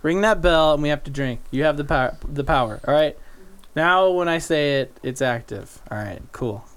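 A man's voice: fairly high pitch, moderate pace, fairly bright tone, clean tone. A man co-hosting a podcast in casual chat, joking and laying down the rules of a drinking game. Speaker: podcast co-host.

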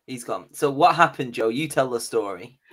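A man chatting casually on a podcast, loose and jokey, quick to laugh. His voice sits at an ordinary pitch and comes through a remote call. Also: lively intonation, slightly rough. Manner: laughs often, loose and joking. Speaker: podcast host. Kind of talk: casual chat.

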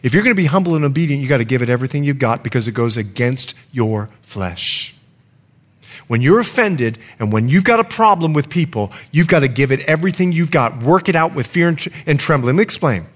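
A man's voice: medium pitch, fairly quick. A middle-aged man preaching a sermon as pastor in a church, telling stories and acting out the people in them. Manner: animated storytelling with acted-out quotes.

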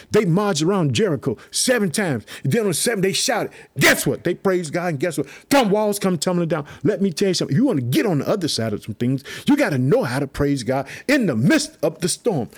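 A man preaches with a slightly husky, rather high voice that leaps up and down as he gets excited. He reads scripture slowly, then breaks in with eager asides to his listeners. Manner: hyped, repeats "let me tell you something" and "guess what", calls listeners family. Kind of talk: energetic devotional preaching.

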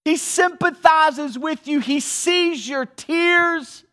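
In this sermon, a male pastor with an unusually high-pitched voice takes his time, speaking with deliberate care. Quiet, hushed stretches alternate with forceful, emphatic moments.

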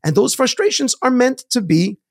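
A man co-hosting a podcast, telling a story in a casual, animated way and often repeating words. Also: extremely high pitch, normal speed. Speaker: podcast co-host. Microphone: studio mic.

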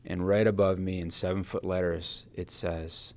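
A man giving a personal devotional talk, earnest and reflective, his phrases often trailing off softly. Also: low-pitched, little pitch movement, moderate pace. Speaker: Christian speaker giving a Lenten reflection.

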